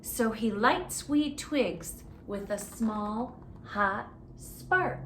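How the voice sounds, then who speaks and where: A woman's voice: medium pitch, drawn-out words, fairly bright tone, reverberant, a little hiss or hum. A woman librarian reading a picture book aloud at children's story time, stopping often to ask the children questions. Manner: interactive, asks children questions.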